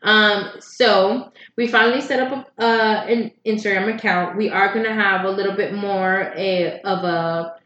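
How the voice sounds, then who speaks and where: A woman's voice: mid-range voice, unhurried, few pauses, slight background noise. Woman co-host, tipsy and loose, casual chat in an echoey, dull-sounding room. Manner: tipsy, relaxed, many fillers. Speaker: podcast co-host.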